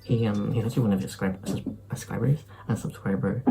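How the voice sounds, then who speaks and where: A man's voice: lowish voice, steady tone, quick pace, vocal fry, over loud music, poor audio. A young man from Ireland, rambling loosely through an unscripted vlog talk with sarcastic asides. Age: young adult. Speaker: YouTuber.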